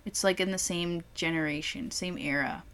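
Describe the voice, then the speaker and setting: A woman's voice: lowish voice, moderate pace, fairly bright tone. A young woman in casual chat while tasting beer, swearing freely and acting out what people said. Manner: chatty, swears freely, acts out quotes. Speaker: co-host.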